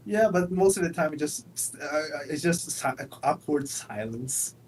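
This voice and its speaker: A man's voice: on the high side, lively intonation, unhurried, darkish tone, poor audio. Young male co-host, casual, dry delivery, slight background noise on his mic. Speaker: stream co-host. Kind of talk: casual stream chat.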